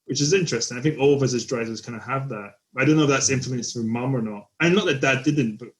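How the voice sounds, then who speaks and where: A man's voice: mid-range voice, quick pace. A man from the UK, a podcast guest, talking casually and reflectively about family, often trailing off. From United Kingdom.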